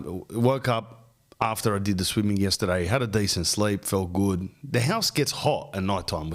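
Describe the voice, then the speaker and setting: Brief: forties male podcast host, joking and rambling, lower pitch. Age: 40s. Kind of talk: casual rambling monologue.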